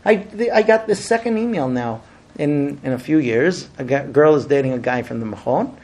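A man's voice: medium pitch, lively intonation, normal speed, a little mellow. A man leading a group through a mock Seder, explaining terms and chanting the blessings. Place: room with a group.

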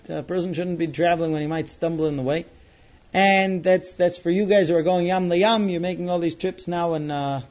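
A man teaching students, retelling a Bible story in an animated way and acting out the characters' lines. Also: high-pitched, muffled recording. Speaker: Torah teacher.

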